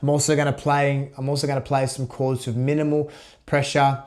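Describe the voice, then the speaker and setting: A man giving a casual guitar lesson, relaxed, counting beats aloud as he demonstrates. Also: medium pitch, a little fast. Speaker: guitar teacher. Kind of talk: casual instructional talk. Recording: loud guitar under voice. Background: guitar playing.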